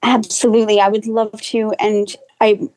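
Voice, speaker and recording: A woman's voice: mid-range voice, level tone, normal speed, darkish tone, poor audio. A woman real estate agent, a podcast guest, giving earnest advice to homebuyers in casual chat, with many "you know" restarts.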